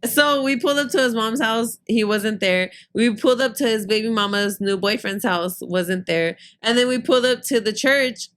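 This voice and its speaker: A woman's voice: fairly high pitch, moderate pace, hardly any pauses. Woman telling a story on a podcast, blunt and laughy, acting out every line people said. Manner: blunt, animated, laughing, acts out dialogue. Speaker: podcast guest. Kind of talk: casual storytelling chat.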